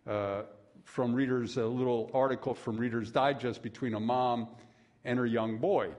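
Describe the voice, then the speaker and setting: A man's voice: medium pitch, a little mellow. A middle-aged man preaching a sermon as a pastor, folksy and conversational, with asides to the congregation.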